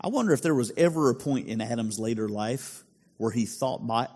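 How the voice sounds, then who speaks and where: A man's voice: mid-range voice, lively intonation, moderate pace, darkish tone, breathy edge. A male pastor preaching a sermon in a conversational way, full of rhetorical questions. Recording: long hall reverb.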